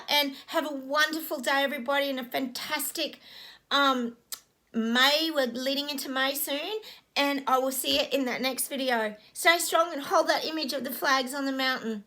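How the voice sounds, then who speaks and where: Earnest high-voiced woman with fry. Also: pushed and bright. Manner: earnest, emotional, halting with repeated phrases. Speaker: psychic. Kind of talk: spiritual vlog message.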